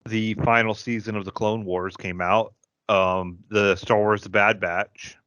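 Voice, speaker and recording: Low-voiced Midwestern man, rambling fan. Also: flat delivery, a little slow, fairly bright tone, clean tone, no echo. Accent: Midwestern American. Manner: enthusiastic fan, rambling storyteller. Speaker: podcast co-host. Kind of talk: casual chat. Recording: dry, dull lo-fi podcast audio.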